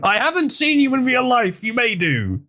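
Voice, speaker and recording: A man's voice: extremely high pitch, wildly swooping pitch, normal speed, sharp tone. A man hosting a casual livestream, dry and teasing in his remarks. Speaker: stream host.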